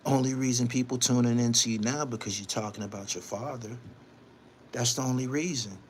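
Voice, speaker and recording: A man's voice: mid-range voice, fairly even intonation, fairly quick, slight background noise. A man hosting his own online show, delivering a heated live-stream monologue, emphatic and repetitive, scolding someone and invoking his faith.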